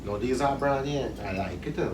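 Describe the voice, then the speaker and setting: A man, an interview guest who talks in an animated way, laughs often and gives advice. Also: mid-range voice, a little fast, crowd noise. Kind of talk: casual outdoor chat. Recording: echoey, distant, noisy outdoor ambience.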